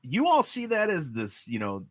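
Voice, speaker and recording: A man hosting a podcast, talking in an animated, ranting way and leaning on "you know" and "guess what". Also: on the high side, moderate pace, dry recording. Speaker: podcast host. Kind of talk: casual chat.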